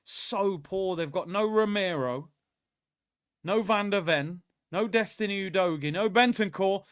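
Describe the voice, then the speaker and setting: A young man hosts a live football watchalong, chatting loosely and reading out viewers' comments. His voice sits a little high for a man and gets loud and excitable when his team attacks. The close mic sounds dry, with no room around it. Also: measured pace, smooth, dry recording. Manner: excitable, shouts at the players during attacks. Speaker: watchalong host.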